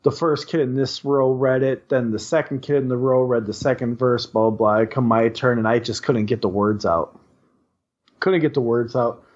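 A man's voice: medium pitch, steady tone, normal speed, a little mellow. Young guy rambling through a story, swears a lot, kinda dull lo-fi sound. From Wisconsin. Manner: rambling, profane, lots of fillers. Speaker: podcast co-host. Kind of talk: casual storytelling chat.

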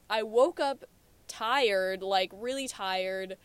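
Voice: mid-range voice, very slow, clean tone, no echo. A teenager co-hosting a casual podcast, telling stories in a rambling way with many fillers and restarts. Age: teens. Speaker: podcast co-host. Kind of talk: casual chat, storytelling.

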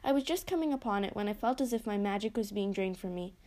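A woman reading a first-person story aloud with expressive narration. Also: medium pitch, fast talker.

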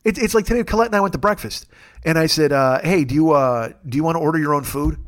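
A man's voice: fairly high pitch, fast talker. A man hosting his own show in a casual comic monologue, rambling and profane with a wry tone. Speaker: podcast host.

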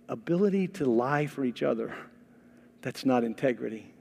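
A man preaching a sermon as a pastor, telling stories with animated, lively acted-out dialogue. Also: medium pitch, normal speed, vocal fry, husky, big-room sound. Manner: animated storytelling, acting out quoted voices. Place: church sanctuary.

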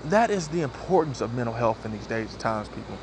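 A man telling a story in a casual, animated monologue, often repeating words as he goes. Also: mid-range voice, quick pace. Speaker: vlogger. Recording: faint outdoor street noise.

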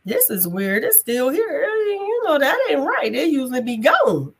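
Animated storytelling woman, slightly high voice. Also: a little slow. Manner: animated, colloquial, acts out dialogue; laughs while telling. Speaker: guest sharing a testimony. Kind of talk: casual storytelling chat.

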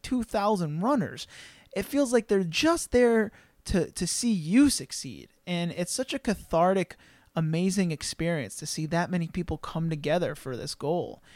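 A man's voice: a little high, no room sound, studio quality. A young man hosting a podcast, telling an emotional personal story in an earnest way, with many fillers and restarts. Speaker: podcast host.

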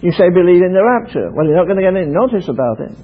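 A man's voice: high-pitched, sing-song, very fast, slightly rough. An older British man preaching a sermon, telling stories and urging his listeners in an emphatic way. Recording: tinny lo-fi archive tape.

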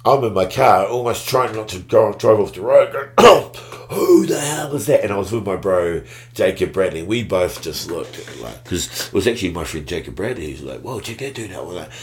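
A man telling a story in a laid-back, slangy way, breaking into bursts of excitement. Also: sits low, normal speed, hardly any pauses. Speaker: guest. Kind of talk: casual storytelling.

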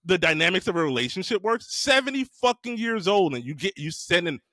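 Man, podcast co-host, profane joking rant, lively pitch. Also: a little fast, no echo, studio quality. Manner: loud, profane, joking rants. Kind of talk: casual podcast chat.

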